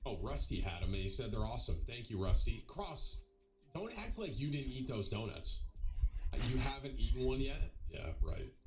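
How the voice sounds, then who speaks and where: A young man chatting to his live stream viewers, his pitch swinging widely as he jokes and tells a story. He talks in a loose, animated way, often restarting sentences and breaking off to answer the chat. Soft music plays faintly behind him. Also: moderate pace, poor audio. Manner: animated, joking, with frequent restarts and asides to chat. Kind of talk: casual storytelling to a live audience.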